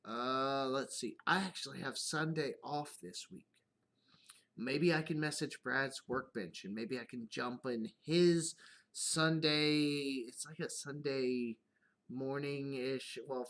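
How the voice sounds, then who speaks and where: A man's voice: medium pitch, fairly bright tone. A man hosting his own live stream, rambling through casual stories about his kids with plenty of swearing and laughter. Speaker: YouTube channel host.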